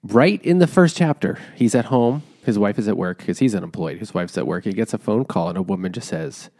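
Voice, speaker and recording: A man's voice: fairly low pitch, lively intonation, fairly quick, dark tone. A man in a casual book chat, retelling scenes with frequent chuckles.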